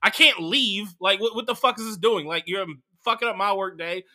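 A fed-up working mother, as a man acts her out, ranting in irritation. The voice is bright and forceful and a touch raised. The complaints tumble out in a steady stream. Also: sits high, brisk, pitched above the performer's own voice. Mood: exasperated. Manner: annoyed, ranting.

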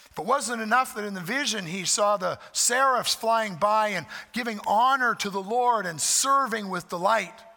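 A man preaching in a high, gravelly voice with a bright, forceful edge. He is earnest and repeats key lines for weight. His words ring out with a long reverb, as in a large church sanctuary. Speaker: pastor. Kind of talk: sermon.

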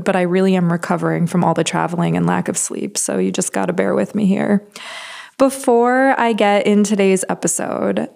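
A woman's voice: mid-range voice, vocal fry, a little mellow. A woman hosting a self-help podcast in a casual, earnest, slightly scattered way, tired and jet-lagged and losing her voice, recorded in a studio. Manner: chatty, earnest, a bit scattered. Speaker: podcast host.

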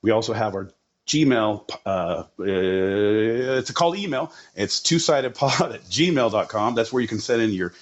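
A low-voiced man co-hosting a comedic podcast, teasing and swearing as he riffs. His audio is dull and lo-fi. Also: expressive, measured pace. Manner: teasing, profane, riffing jokes. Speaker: podcast co-host. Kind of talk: casual comedic chat. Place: home setup in Southern California.

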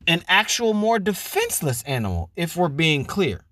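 A man's voice: a little high, very animated, moderate pace, hardly any pauses, dry recording, studio quality. A man hosting a podcast, delivering a profane, mocking comedic rant and acting out the people he mocks. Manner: loud, profane, mocking, acts out voices. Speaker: podcast host.

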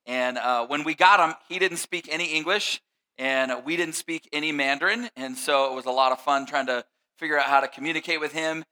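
A man's voice: fairly high pitch, brisk, sharp tone, low-quality recording. A middle-aged father giving a talk on family life, telling stories in a casual way with lots of fillers and restarts. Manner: conversational storytelling with frequent fillers and restarts. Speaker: speaker.

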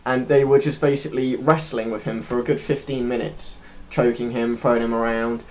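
A man co-hosting a podcast, telling a story unscripted. He talks earnestly and rambles, stopping now and then to hunt for the right word. His pitch sits in the middle. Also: fairly even intonation, brisk. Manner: earnest, loose and rambling, searching for words. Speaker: podcast co-host.

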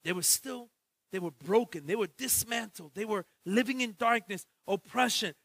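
A man preaching a sermon as pastor, switching between loud shouted exhortation and quiet, joking asides in casual slang. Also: high-pitched, moderate pace, dry recording. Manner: jokey, street-slang storytelling.

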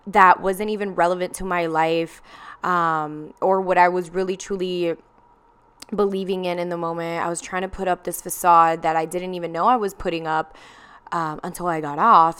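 A woman's voice: on the low side, a bit bright, clean tone. A young woman telling a candid personal story in a confessional vlog, with plenty of ums and likes.

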